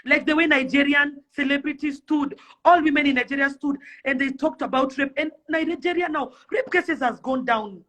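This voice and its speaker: Fiery Kenyan woman, sharp-voiced rant. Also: high-pitched. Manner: pleading, fiery, rapid-fire rhetorical questions. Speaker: celebrity influencer. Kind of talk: impassioned rant to camera.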